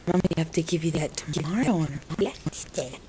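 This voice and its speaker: A woman's voice: low-pitched, expressive, a little fast, dark tone, a little hiss or hum, rough recording. A young mother filming her baby at home, coaxing him in sing-song baby talk. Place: home, indoors. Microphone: handheld camera.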